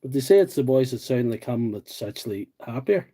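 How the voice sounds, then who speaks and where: A man's voice: medium pitch, lively intonation, brisk, warm tone, breathy edge. Chatty rural County Derry man. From Northern Ireland, County Derry. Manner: rambling, chatty, self-deprecating. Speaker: repair livestream host. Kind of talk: casual chat while repairing tools.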